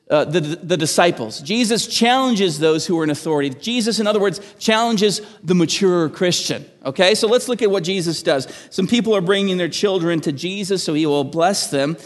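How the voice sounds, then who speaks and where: High-voiced man preaching in a reverberant hall. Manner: animated, emphatic preaching with restarts. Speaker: pastor. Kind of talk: sermon. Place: church.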